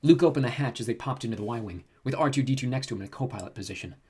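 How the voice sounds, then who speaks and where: Brisk husky male audiobook narrator. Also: medium pitch, a little mellow. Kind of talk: scripted narration.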